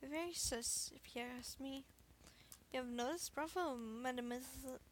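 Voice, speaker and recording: Woman putting on a smug suspect with a deliberately bad accent, fawning, over the top, faint background noise. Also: sits high, close to an everyday voice, low-quality recording. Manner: exaggerated mock accent, flattering.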